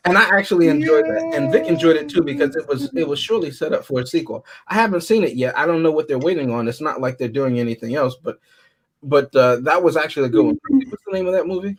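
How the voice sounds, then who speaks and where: A man co-hosting a casual group chat about movies, joking and animated. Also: a little high, quick pace, slight background noise. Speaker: podcast co-host.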